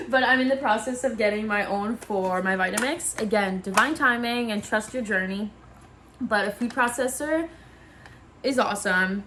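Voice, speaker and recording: A woman's voice: mid-range voice, fairly bright tone, slight background noise. A woman talking casually and enthusiastically about her kitchen tools in a home vlog, chatty with frequent fillers. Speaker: wellness vlogger.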